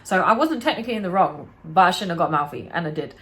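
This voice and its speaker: Lower-pitched woman in her late twenties, animated storyteller who swears freely. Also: fast. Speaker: vlogger. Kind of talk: storytime chat.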